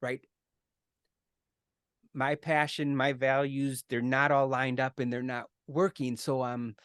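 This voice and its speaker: A man's voice: mid-range voice, flat delivery, slow pace, a bit bright, smooth, no echo, clean studio sound. A middle-aged man giving an earnest, conversational explanation as a podcast guest, often checking in with "right?" and restarting his words.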